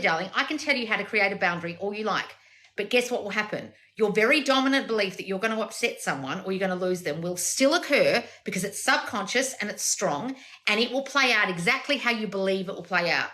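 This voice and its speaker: A woman's voice: medium pitch, bright, forceful tone. A woman, a manifestation coach, giving blunt, swearing advice in a lecturing monologue.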